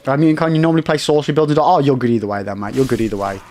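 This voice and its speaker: A man's voice: mid-range voice, little pitch movement, racing, darkish tone, slight background noise. A man livestreaming a game, chatting with viewers and swearing at enemies. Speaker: game streamer. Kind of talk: live gameplay commentary chatting with viewers.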